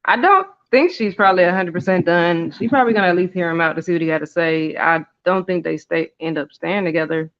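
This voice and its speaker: High-voiced, smooth man musing on TV drama. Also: fast talker, hardly any pauses. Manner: thoughtful and hedging, many "um"s and "I don't know"s. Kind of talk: casual recap chat. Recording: dull, lo-fi audio.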